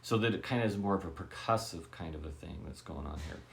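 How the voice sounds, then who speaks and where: A man's voice: low-pitched, fast talker, gravelly, a little hiss or hum. A man teaching a guitar lesson who says okay constantly, keeps checking that the student understands, and scats rhythms aloud. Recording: loud guitar playing between talk. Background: guitar strumming.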